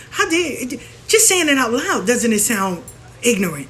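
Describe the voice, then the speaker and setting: A woman's voice: on the high side, very animated, normal speed, sharp tone, slight background noise. A woman hosting her own show, talking frankly and animatedly in a casual monologue, mimicking other people as she rants. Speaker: spiritual practitioner and show host.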